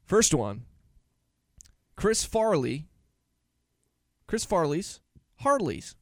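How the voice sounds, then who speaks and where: A man's voice: a little high, sing-song, drawn-out words, no echo, clean studio sound. A man co-hosting a casual comedy podcast, joking and laughing often as he reads out gags. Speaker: podcast co-host.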